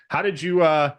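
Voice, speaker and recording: A male podcast co-host with a Wisconsin accent, chatting casually and teasing his guest, often laughing. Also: fairly high pitch.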